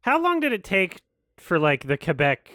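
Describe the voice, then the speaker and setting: Lively sarcastic man reacting to a film. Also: high-pitched, normal speed, no echo, clean studio sound. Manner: exasperated, sarcastic, swears often. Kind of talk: casual live watch-along commentary.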